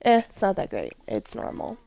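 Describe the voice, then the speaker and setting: A woman's voice: medium pitch, huge pitch swings, moderate pace, gravelly, warm tone. A woman giving casual, rambling commentary over a life-sim game, telling personal stories, swearing casually and exclaiming at what happens on screen. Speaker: let's play vlogger.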